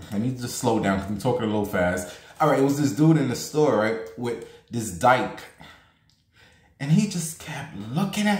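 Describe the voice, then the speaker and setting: Fast-rambling blunt man in a roomy space. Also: medium pitch. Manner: rapid excited rambling, blunt and profane. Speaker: vlogger. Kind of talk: casual chat to viewers.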